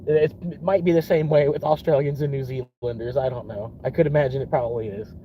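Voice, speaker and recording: A man's voice: medium pitch, fairly even intonation, fast, lo-fi sound, a little hiss or hum. A young man from Florida in a casual rambling vlog, swearing often and laughing between thoughts. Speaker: vlogger.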